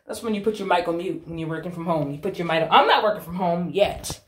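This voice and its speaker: A woman's voice: on the low side, expressive, fast talker. A young adult woman chatting casually to her phone camera, swearing freely as she talks. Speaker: vlogger. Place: bathroom. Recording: echoey bathroom.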